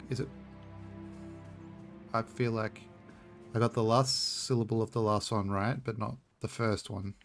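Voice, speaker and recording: A man's voice: fairly low pitch, fairly even intonation, unhurried, pauses often, soft background music. A man giving casual, rambling commentary while playing a game, muttering to himself and making little sound-effect noises. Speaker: streamer.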